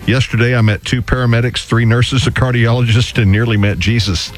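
A man co-hosting a radio show, delivering dad jokes in a playful, deadpan way. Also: medium pitch, fairly quick, faint music behind. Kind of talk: casual studio banter, telling dad jokes.

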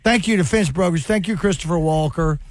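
A man's voice: fairly high pitch, fairly quick, no echo. A man hosting a sports talk radio show, jokey and theatrical.

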